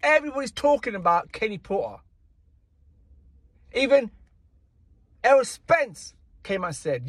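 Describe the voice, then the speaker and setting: Husky high-voiced man ranting. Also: sing-song, unhurried, pauses often, no echo. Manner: indignant, repetitive, slangy. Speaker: boxing commentator. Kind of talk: casual ranting commentary.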